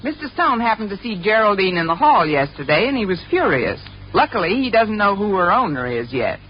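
An actress playing a quick-witted female schoolteacher in a 1950s radio sitcom, breezy and wisecracking, heard in an old radio broadcast with audience laughter and hiss. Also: medium pitch, very animated, dull audio, lightly acted.

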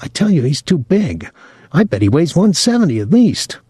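A man's voice: a little high, sing-song, normal speed, warm tone, slightly rough, no room sound, studio quality, pitched above the performer's own voice, heavily acted. A man voicing a cheeky teenage boy who provokes with feigned politeness. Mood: mocking. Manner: feigned politeness, mock drama.

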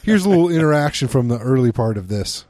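A man's voice: mid-range voice, lively intonation, a crowd in the background. A man from Washington state co-hosting a podcast, chatty and enthusiastic as he talks about a film. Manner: chatty, enthusiastic, quick to laugh. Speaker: podcast co-host. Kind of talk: casual chat about a film.

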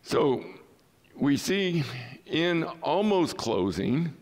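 A male pastor preaching a sermon in an emphatic way, with rhetorical questions and pauses. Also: fairly high pitch, very animated, a little mellow.

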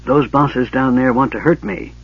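A man doing a soft-spoken scheming mage. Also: medium pitch, moderate pace, creaky, breathy edge, dull audio, voice pushed up. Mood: coaxing. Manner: quiet, persuasive. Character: frail male mage, cool and calculating.

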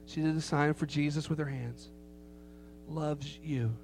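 A man's voice: a little high, steady tone, brisk, creaky, over music. A middle-aged man preaching a sermon, telling a story with emphasis and rhetorical questions to the congregation. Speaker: pastor. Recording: faint hum behind the voice.

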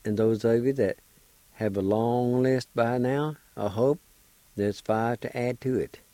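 A man hosting a radio language lesson, slowly spelling and pronouncing words syllable by syllable. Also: medium pitch, dark tone, no room sound, poor audio. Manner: slow, deliberate, spells syllables one at a time. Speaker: language teacher and radio host. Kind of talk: slow spelling and pronunciation lesson.

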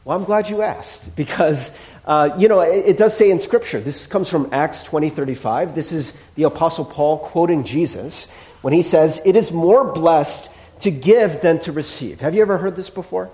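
A man's voice: a little high, moderate pace, mellow. A man preaching a sermon as pastor, chatty and playful, acting out little dialogues with the congregation.

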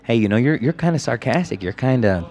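A man talking about his comedy act in a casual interview, rambling with many restarts and repeated words. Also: quick pace. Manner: lively pitch, jumps into high impressions. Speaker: comedian guest.

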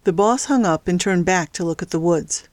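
A woman reads a thriller story aloud in a fairly low voice. The sound is dry and close, with no room around it. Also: moderate pace, darkish tone, dry recording. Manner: reads all characters with small pitch shifts. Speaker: audiobook narrator. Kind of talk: scripted narration.

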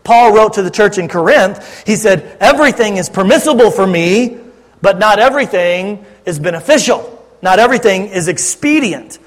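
High-voiced pastor in an echoing hall. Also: male voice, expressive, normal speed. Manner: conversational, joking, addresses congregation directly. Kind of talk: sermon Q&A.

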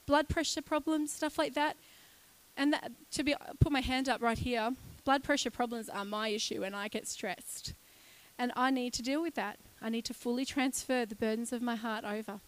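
A woman preaching a sermon, animated and acting out voices as she talks. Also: high-pitched. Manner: animated, acts out voices and sound effects.

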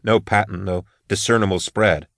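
A man voicing a brisk, no-nonsense female officer in charge, talking in a businesslike way. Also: on the low side, fairly even intonation, a bit bright, no echo, clean studio sound. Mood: impatient.

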